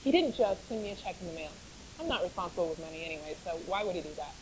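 A woman's voice: on the low side, animated, rapid-fire, a little hiss or hum, low-quality recording. Chatty woman telling her faith story. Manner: chatty storyteller, laughs often, repeats for emphasis. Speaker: speaker sharing her testimony. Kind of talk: personal faith testimony.

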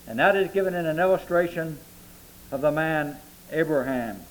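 A man pastor preaching a sermon, reading scripture aloud and slowing down to stress its key words. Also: a little high, rough recording.

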